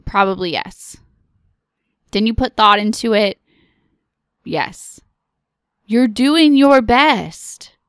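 Podcast host, woman in her thirties, unhurried encouraging pep talk, dry close mic. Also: medium pitch, lively intonation, a bit bright, smooth, no room sound. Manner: earnest, pep-talk, direct address to listeners.

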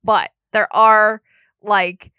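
A woman co-hosting a podcast, chatting loosely and giggling, trailing off with plenty of fillers. Her voice is bright and smooth. It is recorded dry and close, with no room sound. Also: mid-range voice, level tone, drawn-out words, no echo. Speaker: podcast co-host. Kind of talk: casual chat.

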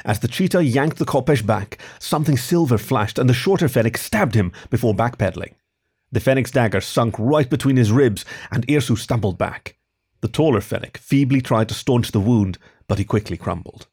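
A man hosting a podcast and narrating a story in a lively, expressive reading style. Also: mid-range voice, normal speed, breathy edge.

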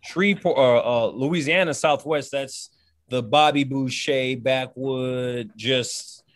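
A man, a former football player, talking in an animated and emphatic way during an interview. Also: medium pitch, slow pace, no echo. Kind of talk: interview conversation. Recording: dry close sound.

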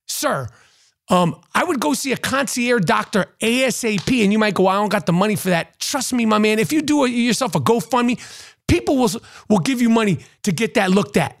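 A podcast host delivers a profane ranting monologue to camera, crude and mocking, often repeating himself. His voice is very high, animated, and creaky, at a moderate pace.

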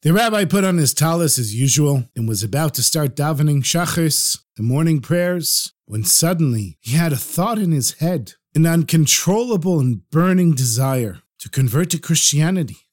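A man narrating a story in an animated, expressive way, explaining terms as he goes. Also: fairly high pitch, normal speed, few pauses.

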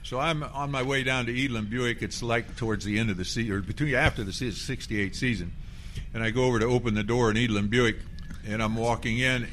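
An older man, a former player, telling an animated story about his career and acting out the quotes with a laugh. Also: a little hiss or hum. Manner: acts out quotes with rising pitch and laughter.

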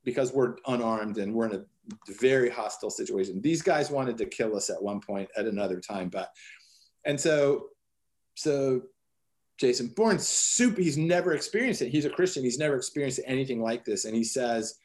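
A man with a mid-range voice speaks conversationally, retelling a personal story in an earnest, animated way. He slips into the voices of the people in his story as he goes. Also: medium pitch, moderate pace. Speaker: guest telling a personal story.

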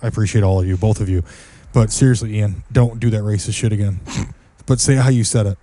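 Profane, teasing man with a mellow voice. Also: lowish voice, steady tone, fast talker. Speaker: podcast co-host. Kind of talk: crude casual banter.

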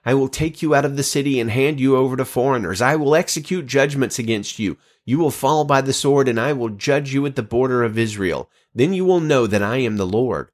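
Man reading scripture steadily. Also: medium pitch. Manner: measured, steady reading with dramatic rises on divine speech. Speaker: scripture reader.

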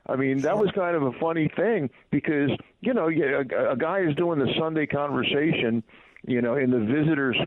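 A man's voice: on the high side, moderate pace, no echo. A middle-aged man, a guest on a radio show, telling stories in a rambling way with many fillers and restarts. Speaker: guest, former baseball PR director. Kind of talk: casual radio interview storytelling. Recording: tinny phone line, dry.

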